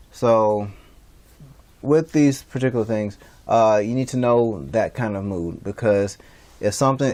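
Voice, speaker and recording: Man, instructor, casual lecture, deeper voice, rambling, lots of fillers. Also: a little mellow. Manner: loose and rambling, many fillers and restarts. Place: livestreamed class.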